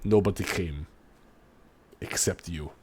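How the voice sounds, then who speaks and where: A man's voice: sits low, takes it slowly, background noise, voice pushed down. A man voicing a grateful male craftsman in a tabletop game who is choked up and tearful, stumbling over his words. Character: grateful male craftsman NPC, emotional, formal.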